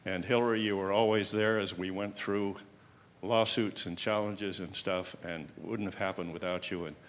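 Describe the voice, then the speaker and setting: Older association guy, low voice, halting, plainspoken thank-yous. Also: fairly even intonation, slight background noise. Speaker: homeowners association head. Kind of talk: public thank-you remarks. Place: public board meeting hall.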